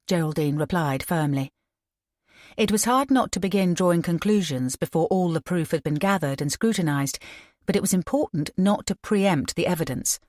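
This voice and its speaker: Measured woman audiobook narrator, dry sound. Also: fairly low pitch, dry recording. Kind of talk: scripted narration.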